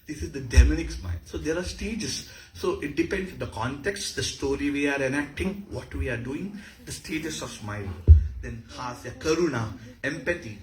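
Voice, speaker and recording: A man's voice: on the high side, moderate pace, soft background music. Indian-accented man lecturing in an echoey hall. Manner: explanatory, animated. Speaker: dance lecturer. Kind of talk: lecture with demonstrations.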